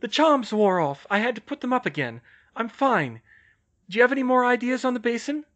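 A man's voice: very high voice, expressive, a bit bright, highs cut off, pitched above the performer's own voice. A man voicing a clever teenage girl witch who fires off eager questions in an audiobook reading. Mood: frantic. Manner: eager, rapid-fire questions. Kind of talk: audiobook character voice.

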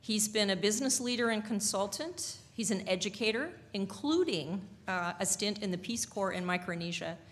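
A woman on a nonprofit's board welcoming guests at a dinner, speaking warmly with many fillers and restarts. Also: mid-range voice, animated. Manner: warm, halting, with many fillers. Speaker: board member introducing the event. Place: banquet hall.

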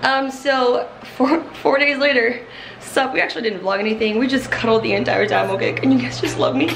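A young woman in her twenties chatting casually to camera in a vlog, bubbly and gushing, quick to laugh. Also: fairly high pitch, gravelly, noisy background. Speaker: vlogger.

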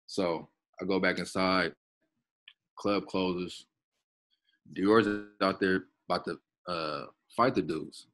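Speaking slowly with long pauses, this pro basketball player has a low, steady, fairly bright voice. As a podcast guest he spins casual, slang-filled stories, cursing freely and going over the same points again.

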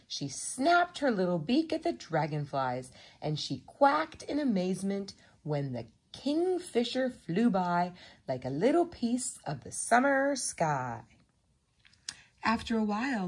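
A woman narrating children's picture books in a gentle, expressive storytelling voice. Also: medium pitch, a little slow, slightly rough. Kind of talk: children's story read-aloud.

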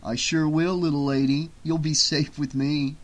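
A man's voice: a little high, level tone, normal speed, natural voice. A man doing a smug, taunting young man.

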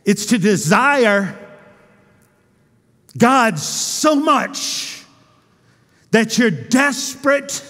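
A male pastor preaching a sermon with passion, moving between loud cries and hushed, intimate lines. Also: extremely high pitch, big pitch swings, extremely slow, long pauses. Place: church sanctuary. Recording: church hall with long reverb.

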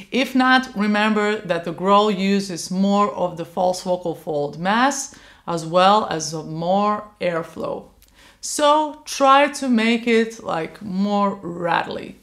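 A woman's voice: medium pitch, slow pace, roomy sound. A woman vocal coach giving a patient instructional lesson on growling, demonstrating light sounds as she explains.

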